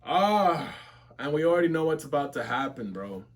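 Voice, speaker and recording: High, animated man reacting excitedly. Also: normal speed. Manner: exclaims constantly, slangy and animated. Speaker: webtoon reaction streamer. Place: home office.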